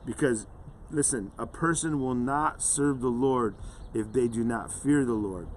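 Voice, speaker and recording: A man's voice: mid-range voice, unhurried, a little hiss or hum. A man giving an earnest, conversational devotional sermon as a pastor, often dropping "man" and "right" into his talk.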